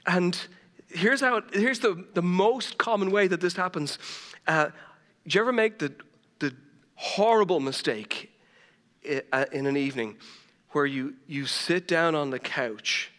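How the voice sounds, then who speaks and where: A middle-aged Irish pastor preaches with a high, bright, forceful voice, mixing humor and self-mocking stories into his sermon. His voice rings with the long reverb of a large church hall, picked up by a stage mic. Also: a little slow. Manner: humorous storytelling, laughing at himself. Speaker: lead pastor.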